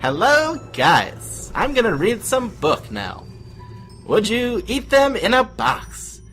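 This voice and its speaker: A man putting on a high, loud and excitable voice for a goofy friend character reading a rhyme. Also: slow, faint music behind, exaggerated voice. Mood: excited.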